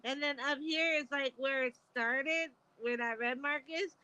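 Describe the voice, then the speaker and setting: A woman's voice: high voice, steady tone, measured pace, sharp tone, no room sound. A middle-aged woman chatting on a video call, telling rambling stories with frequent laughter and casual swearing. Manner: rambling, laughing storyteller who swears freely. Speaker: guest caller on a live stream. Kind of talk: casual chat.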